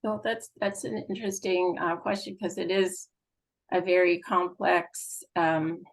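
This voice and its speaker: A woman's voice: lowish voice, steady tone, measured pace, gravelly, low-quality recording. A woman speaking for a gas utility at a public meeting, explaining at length with frequent fillers. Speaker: utility company representative.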